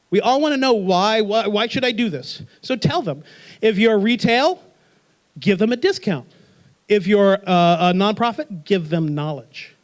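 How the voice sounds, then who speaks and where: A man whose voice is notably high presents to a live workshop audience, energetic and playful. He keeps everyone engaged by firing off rhetorical questions.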